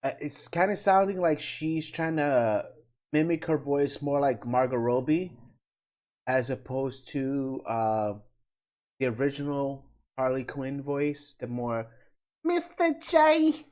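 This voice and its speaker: A middle-aged man hosting his channel, giving candid, opinionated reaction commentary, swearing casually and pausing with fillers. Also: mid-range voice, steady tone, a little mellow. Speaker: channel host reacting to a trailer.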